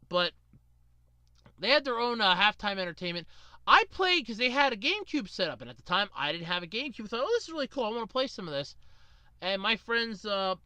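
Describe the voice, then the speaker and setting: Woman podcast host, rambling anecdote, bright high voice, dry close sound. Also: smooth, no echo. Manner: animated, rambling, lots of fillers. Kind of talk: casual storytelling monologue.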